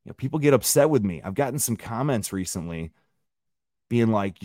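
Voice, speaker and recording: A man's voice: fairly low pitch, animated, brisk, darkish tone, no echo, clean studio sound. A man hosting a solo podcast, ranting bluntly and profanely while talking straight to his listeners. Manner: conversational, addresses listeners directly. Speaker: podcast host.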